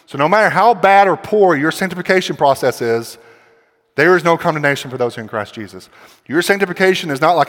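Man, pastor, sermon, emphatic, rhetorical questions, higher voice, long reverb. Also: expressive, fast talker. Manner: emphatic preaching with rhetorical questions, building to loud passages.

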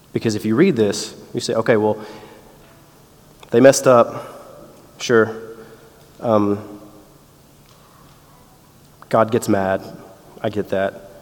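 Man, 30s, pastor, conversational sermon, slightly low pitch, reverberant church hall. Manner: conversational, tells family stories, acts out quotes.

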